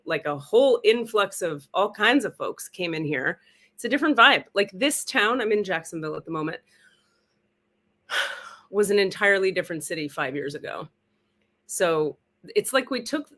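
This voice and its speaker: A woman's voice: on the low side, a bit bright. A woman from California hosting her own live stream, chatting casually in a playful, profane, self-mocking way from a rented home. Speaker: livestream spiritual host. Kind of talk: casual livestream chat.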